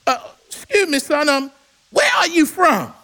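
A man's voice: extremely high pitch, lively intonation, a little slow, pushed and bright, voice pushed up, exaggerated voice. A man voicing skeptical older male temple scholars who question a boy with scolding disbelief. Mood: condescending.

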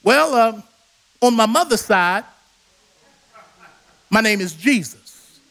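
A man voicing the twelve-year-old Jesus, who answers his elders with measured, proclaiming confidence. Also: sits high, animated, creaky, fairly bright tone, heavily acted. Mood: serenely confident.

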